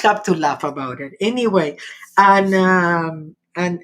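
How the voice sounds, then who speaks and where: A woman's voice: fairly low pitch, unhurried. A middle-aged woman with an Argentinian accent, a native Spanish speaker, giving a chatty live-stream talk as a spiritual teacher and often checking in with "yes?". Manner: chatty, frequent "yes?" tag questions.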